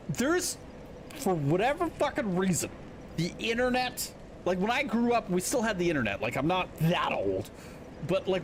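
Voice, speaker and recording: High, lively, blunt-talking male streamer. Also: a little hiss or hum. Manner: blunt, opinionated, swears freely. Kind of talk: casual chat to stream viewers while gaming.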